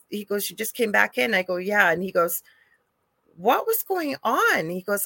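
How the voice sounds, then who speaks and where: A middle-aged woman co-hosting a live chat, telling a ghost story in an animated way. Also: on the low side, gravelly, no room sound. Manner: animated storyteller, acts out quoted voices. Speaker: co-host, psychic medium.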